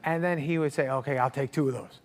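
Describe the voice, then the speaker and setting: A man telling a chuckling story about a friend ordering food, dropping into a low mumble when imitating him. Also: fairly even intonation, quick pace. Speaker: talk show guest. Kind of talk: casual storytelling. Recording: reverberant room with faint noise.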